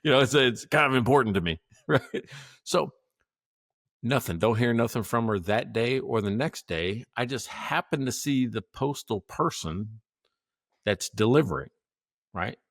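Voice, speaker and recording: A man co-hosting a podcast, telling a story in a casual, animated way, acting out what people said and laughing often. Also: mid-range voice, measured pace, no echo, clean studio sound. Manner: animated, acts out quotes, laughs often, swears. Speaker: podcast co-host.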